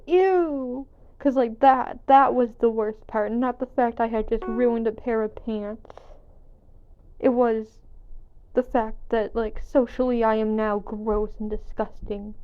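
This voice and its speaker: A woman's voice: a little high, clear, resonant tone. Candid young woman, slightly muffled mic. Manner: candid, self-deprecating, swears casually. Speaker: gaming vlogger. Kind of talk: casual storytelling over gameplay.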